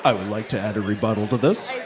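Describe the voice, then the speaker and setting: A man giving a rebuttal at a mock courtroom panel, unhurried, pausing on fillers and chuckling. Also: lowish voice, a crowd in the background. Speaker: opposing lawyer on a comedy panel. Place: convention panel room before a live audience.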